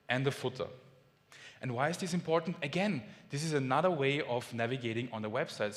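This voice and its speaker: A man from Austria with an Austrian German accent, explaining lively at a conference talk, German his first language. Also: mid-range voice. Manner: lively, friendly explaining with small restarts. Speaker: conference speaker. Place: large conference hall. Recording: long hall reverb.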